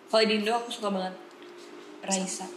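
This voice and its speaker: A woman's voice: medium pitch, fairly even intonation, fast talker, slight background noise. A woman guest in a casual chat, bubbly and giggly, mixing Indonesian and English. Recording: echoey room, faint ambience.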